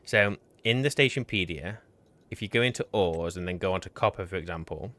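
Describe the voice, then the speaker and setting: A man's voice: sits low, fairly quick, a bit bright. A man streaming a co-op game, chatting casually and explaining game mechanics at length with teasing banter. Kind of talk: casual gameplay chat and explaining.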